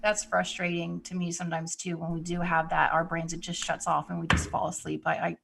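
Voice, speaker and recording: A woman's voice: fairly low pitch, monotone, fairly quick, vocal fry, noisy background. A woman, a psychic medium, talking casually and rambling, with many "you know"s. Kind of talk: casual spiritual talk.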